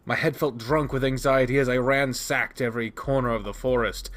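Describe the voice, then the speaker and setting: A man reading a visual novel aloud, narrating expressively with quick restarts. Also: medium pitch, steady tone, fairly bright tone. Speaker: game reader.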